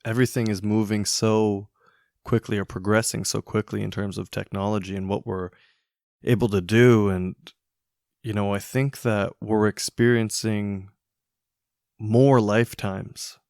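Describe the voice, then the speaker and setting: A man hosting a solo podcast, thinking aloud in a musing, hesitant way with many pauses and restarts. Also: fairly low pitch, flat delivery, vocal fry, darkish tone, no room sound, clean studio sound. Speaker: podcast host. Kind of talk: reflective solo podcast monologue.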